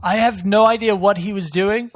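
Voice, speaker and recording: An excitable gameplay commentator who keeps breaking into exasperated outbursts and addresses the viewers directly. The voice sits at a middling pitch. Faint game music plays underneath. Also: normal speed. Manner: talks to viewers as "guys". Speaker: gaming channel host.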